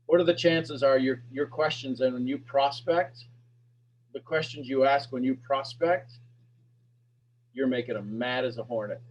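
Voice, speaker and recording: A man coaching a sales master class, firing emphatic, repetitive questions at his audience and pushing his voice up toward a shout. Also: medium pitch, unhurried, highs cut off. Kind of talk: animated teaching talk to an online audience.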